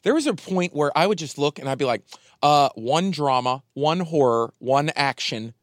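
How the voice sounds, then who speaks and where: Excitable slangy man on a dry mic. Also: a little high, moderate pace, dry recording. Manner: excitable, slangy, says dude a lot. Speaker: podcast co-host. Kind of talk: casual chat.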